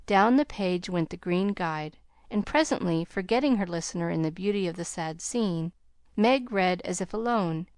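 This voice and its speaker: A woman with a New Zealand accent narrating a classic novel as an audiobook, in a calm, even reading. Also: on the low side, smooth, no room sound, studio quality.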